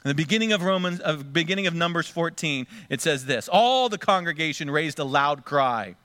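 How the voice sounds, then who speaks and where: Bright-voiced male preacher. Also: a little high, expressive, a little fast, dry recording. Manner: dramatic, acts out scripture voices. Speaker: pastor. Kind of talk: sermon.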